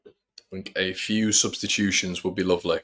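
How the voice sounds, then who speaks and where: Male fan host, low voice, chatty live match commentary to viewers. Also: little pitch movement, a little fast, fairly bright tone. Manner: chatty, addresses viewers as everybody. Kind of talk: live watch-along commentary.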